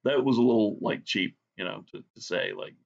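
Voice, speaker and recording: A man's voice: fairly low pitch, a little fast, gravelly, highs cut off. A man in his forties ranting sarcastically in a rambling monologue, swearing heavily as he talks. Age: 40s. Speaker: drawing video host.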